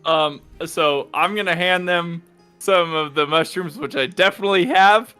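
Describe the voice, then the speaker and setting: A man's voice: sits high, moderate pace, bright, forceful tone, clear, resonant tone, soft background music. A man playing a tabletop role-playing game, talking in a laid-back, jokey way and laughing often. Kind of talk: in-character tabletop roleplay.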